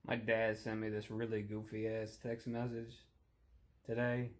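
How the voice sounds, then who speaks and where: A young man delivering a crude, profane comedic rant, rambling in a deadpan way with sudden shouty outbursts. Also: lowish voice, a little slow. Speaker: comedic monologue host.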